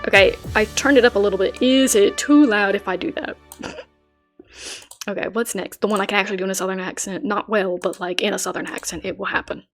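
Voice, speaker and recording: A woman's voice: medium pitch, a little fast. A woman streamer chatting casually between karaoke songs, self-mocking and laughing at her own attempts. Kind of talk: casual karaoke livestream chat. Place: indoors, keeping quiet for people nearby. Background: faint karaoke backing music.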